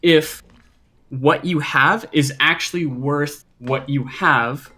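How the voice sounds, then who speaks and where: A man's voice: a little high, slow pace, sharp tone. A man in his twenties calling in to a dating show, earnest and rambling at length. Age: 20s. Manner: rambling, earnest, long-winded. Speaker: caller. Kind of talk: call-in question.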